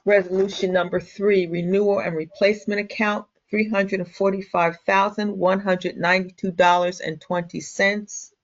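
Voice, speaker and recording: Hoarse woman chairing a meeting. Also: medium pitch, level tone, normal speed, few pauses. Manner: formal, reads procedure aloud. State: losing her voice, clearing throat. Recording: dull lo-fi meeting audio.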